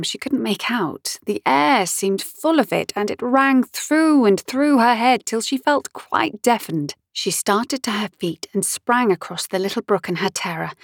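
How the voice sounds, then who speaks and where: A woman's voice: mid-range voice, no room sound, studio quality. Woman reading a classic storybook. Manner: expressive, varied storytelling. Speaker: volunteer reader. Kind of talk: audiobook narration.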